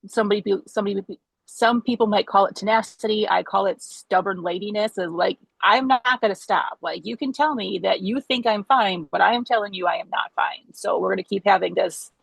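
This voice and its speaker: A woman talking in a candid podcast conversation, telling stories in an animated way, acting out quotes and swearing. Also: medium pitch, a little fast, gravelly, breathy edge, no echo, rough recording.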